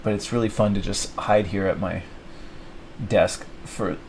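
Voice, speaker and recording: A man's voice: low voice, steady tone, a little slow, creaky, a little mellow, slight background noise, low-quality recording. A young man thinking aloud at his desk, rambling and self-mocking as he plans his week. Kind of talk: rambling solo self-talk.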